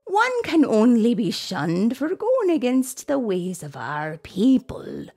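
A woman voicing the oldest Amish woman, a wise, kindly elder who speaks slowly in old-fashioned phrasing. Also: fairly high pitch, huge pitch swings, soft background music, pitched above the performer's own voice, exaggerated voice. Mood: reassuring. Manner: slow, gentle, old-fashioned speech.

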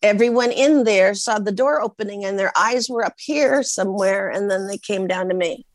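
A woman's voice: mid-range voice, normal speed, dry recording. A woman being interviewed, telling anecdotes and acting out the voices of the people in them. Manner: animated, acts out the voices of people in her stories. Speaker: interviewee, actress.

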